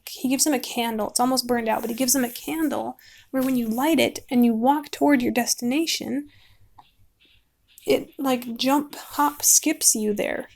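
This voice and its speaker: A woman casually rambling about a book she likes while she paints, chatty and quick to laugh. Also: sits high, vocal fry. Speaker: book vlogger.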